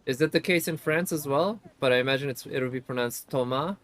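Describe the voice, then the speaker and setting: A man's voice: medium pitch, fairly quick, fairly bright tone. A man giving casual gameplay commentary as a streamer, chatty and thinking aloud, often laughing. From United States.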